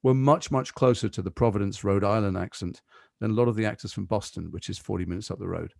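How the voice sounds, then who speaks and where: An English man in his fifties, a guest actor in a podcast interview, telling stories quickly with lots of asides. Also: on the low side, creaky, dry recording, studio quality. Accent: English, Liverpool and London mix. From England. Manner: fast, animated storytelling with asides.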